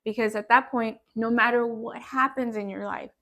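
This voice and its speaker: A woman's voice: a little high, fairly even intonation, normal speed, creaky, fairly bright tone. A woman talking earnestly in a casual conversation, often breaking into laughter. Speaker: guest. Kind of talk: casual chat.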